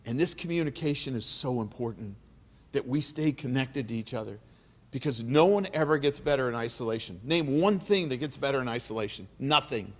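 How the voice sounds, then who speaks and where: Speaking fairly quickly in an expressive mid-range voice, this middle-aged keynote speaker gives a heartfelt, emotional address at an awards dinner and repeats phrases to drive points home. The clip was captured in a large, reverberant banquet hall.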